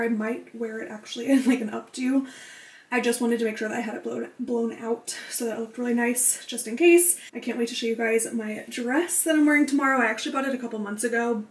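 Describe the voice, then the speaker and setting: A young woman chatting to the camera in a casual home vlog, a little out of breath, bubbly and full of fillers. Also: a little high. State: out of breath from pregnancy. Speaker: vlogger. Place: home, indoors. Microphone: camera mic. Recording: echoey room.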